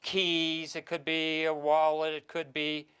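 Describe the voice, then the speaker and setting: A man's voice: on the high side, monotone, a little slow, fairly bright tone, clean tone. A man performing mentalism on stage, giving the audience theatrical instructions and sometimes stumbling over his words.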